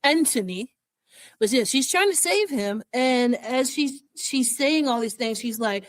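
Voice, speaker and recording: A woman co-hosting a casual entertainment podcast, talking in an animated, emotional way. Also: high voice, measured pace, no room sound. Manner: animated, emotional, acts out quotes. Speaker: podcast co-host. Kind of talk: casual chat.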